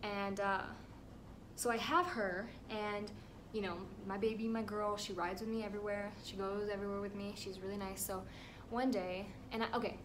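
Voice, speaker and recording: A woman's voice: medium pitch, little pitch movement, normal speed, noisy background. A young woman telling a rambling, emotional storytime vlog at home, at times close to tears. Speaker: vlogger.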